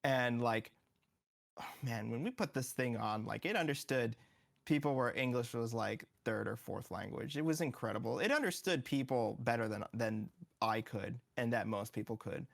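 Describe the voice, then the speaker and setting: Gravelly man eagerly explaining game design. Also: mid-range voice, moderate pace. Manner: eager explaining, acts out what players say. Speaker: game developer guest. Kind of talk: casual studio interview. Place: studio.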